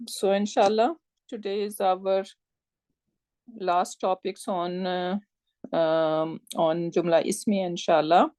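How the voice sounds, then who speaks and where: A woman's voice: fairly low pitch, fairly even intonation, slow, dry recording. Woman teacher, live grammar class, patient step-by-step explaining, dry close sound. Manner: explains step by step, often checks with "right?"; warm encouraging tone with religious phrases.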